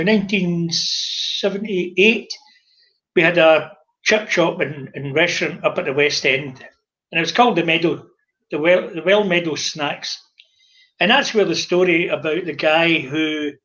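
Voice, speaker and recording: An older Scottish man, a former publican, telling lively stories in casual chat and acting out the dialogue. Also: on the high side, muffled recording. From Scotland. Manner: animated anecdotal storyteller, acts out dialogue.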